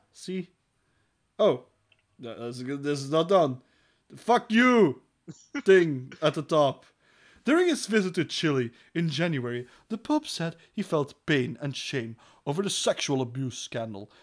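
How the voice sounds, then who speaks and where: A man co-hosting a crude comedy podcast, reading news articles aloud and breaking off into profane, sarcastic asides. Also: medium pitch.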